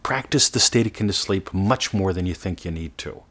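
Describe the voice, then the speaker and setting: A man giving a motivational coaching talk, earnest, sometimes slowing to a soft, drawn-out demonstration voice. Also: deep voice. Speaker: manifestation coach.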